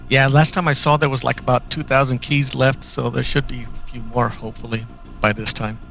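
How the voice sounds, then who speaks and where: A man's voice: mid-range voice, flat delivery, fairly quick, vocal fry, fairly bright tone, faint music behind. A man politely saying goodbye to his team in a gaming voice chat. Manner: friendly, polite sign-off.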